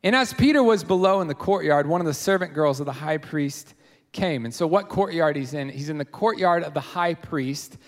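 A man preaching an expository sermon, talking in a conversational, animated way with fillers and restarts. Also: fairly high pitch, normal speed. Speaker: pastor. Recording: long hall reverb.

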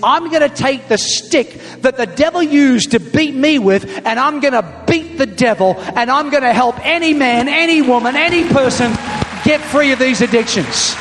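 A man's voice: very high voice, lively intonation, moderate pace, fairly bright tone, a faint crowd, slight background noise. A man quoting his earnest elderly father. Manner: earnest, solemn vow-making. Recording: long hall reverb, faint music.

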